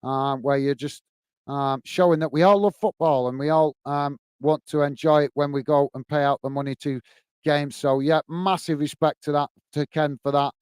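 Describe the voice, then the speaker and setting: A man's voice: a little high, steady tone, normal speed, darkish tone, smooth, dry recording. A man hosting a live football fan watch-along, chatting enthusiastically with viewers, full of fillers and calling everyone mate. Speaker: fan channel host.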